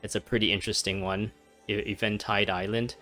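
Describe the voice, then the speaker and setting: A man casually commenting on a video game, chatty and quick to laugh, with plenty of fillers. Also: lowish voice, flat delivery, pushed and bright, soft background music. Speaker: gaming channel host. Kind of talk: casual let's-play commentary.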